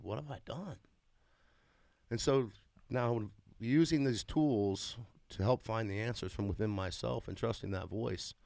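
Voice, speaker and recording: A man in his forties giving a candid, emotional testimony about his marriage and family, swearing freely and swinging into excited bursts. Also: lowish voice, gravelly, dry recording. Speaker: father sharing his story.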